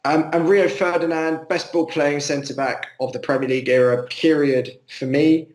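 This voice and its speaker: A man co-hosting a relaxed football chat, hesitating often between picks. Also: fairly high pitch, normal speed. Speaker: podcast co-host. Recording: echoey room.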